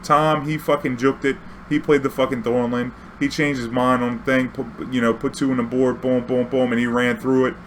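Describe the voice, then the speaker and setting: A man's voice: mid-range voice, little pitch movement, normal speed, few pauses, slight background noise. Laid-back, profane man telling a story. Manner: profane, laid-back, full of slang and fillers. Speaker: vlog host. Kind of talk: casual storytelling.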